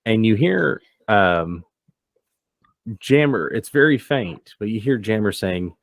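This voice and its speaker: A man runs a tabletop game as game master, narrating the scene in a relaxed, loose manner. His voice sits fairly low. The sound is dry and close, with no room around it. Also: takes it slowly, vocal fry, no room sound. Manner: relaxed, descriptive, loose with fillers.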